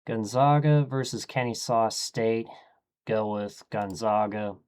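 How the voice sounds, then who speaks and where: A man streaming, thinking aloud in a casual, low-key way as he murmurs his choices one after another. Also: slow pace, darkish tone, smooth.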